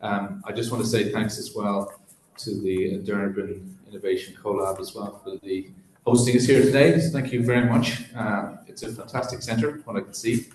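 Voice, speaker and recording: A man who is an ambassador from Ireland, giving a formal welcome speech at an event, measured and halting with fillers. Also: lowish voice, flat delivery, a little mellow. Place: large echoey event hall. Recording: echoey hall.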